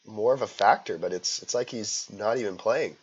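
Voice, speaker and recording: Male commentator, relaxed and joking, lowish voice, dull lo-fi recording. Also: normal speed, slightly rough. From rural US. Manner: joking, rambling storyteller. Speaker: play-by-play commentator. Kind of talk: casual game commentary. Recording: dull lo-fi audio.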